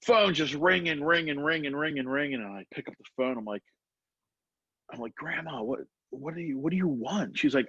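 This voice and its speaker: Podcast host, middle-aged man, animated storyteller who plays every part; higher voice, dry and slightly muffled mic. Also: fast, breathy edge, dry recording. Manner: animated storyteller, acts out both sides of a dialogue. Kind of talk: casual storytelling.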